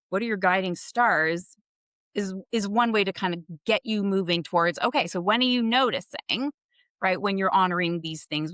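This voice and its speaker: As a guest on a conversational podcast interview, a woman executive coach talks candidly and reflectively, laughing lightly and posing questions to herself. Her voice is on the low side with a fairly bright tone, recorded in a clean studio with no echo.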